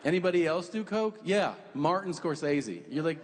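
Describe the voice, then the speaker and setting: Man, 40s, stand-up comedian, animated profane storytelling, expressive pitch, echoing hall, faint noise. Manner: animated, profane storytelling with quick put-on voices.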